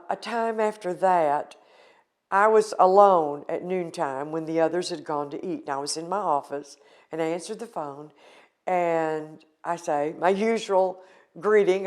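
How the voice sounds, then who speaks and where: A woman's voice: on the low side, a little slow, a little mellow. An older woman from the United States recounting a painful personal experience in an earnest, emotional interview.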